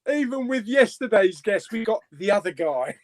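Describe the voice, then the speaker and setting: A man hosting a casual live-stream chat, jokey and quick to laugh. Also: sits high, very animated, dry recording. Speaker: host of a live chat show.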